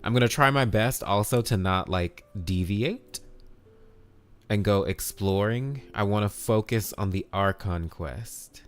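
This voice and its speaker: A man's voice: fairly low pitch, unhurried. A man streaming a video game live, chatting casually and upbeat, greeting viewers by name and swearing now and then.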